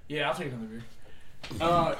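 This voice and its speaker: A man's voice: fairly high pitch, brisk, reverberant, far from the mic, background noise. A tipsy man with a Southern accent, telling stories profanely as a podcast co-host. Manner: profane, laughing storyteller. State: tipsy from beer. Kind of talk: casual chat.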